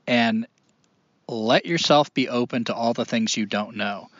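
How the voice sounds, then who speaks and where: A man's voice: mid-range voice, unhurried, fairly bright tone, no echo, muffled recording. A man hosting a casual podcast, talking in an earnest, rambling way with many fillers. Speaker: podcast host.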